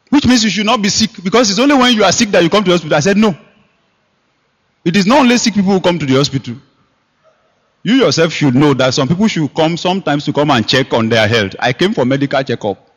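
A man preaching a sermon, emphatic, with sharp rises and quiet drops. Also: fairly high pitch, expressive, fairly quick. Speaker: pastor. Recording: long hall reverb.

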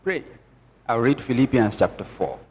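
A man's voice: mid-range voice, normal speed, breathy edge, highs cut off. Preaching man in a reverberant hall. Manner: emphatic, call-and-response preaching. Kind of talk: sermon. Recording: long church reverb with music.

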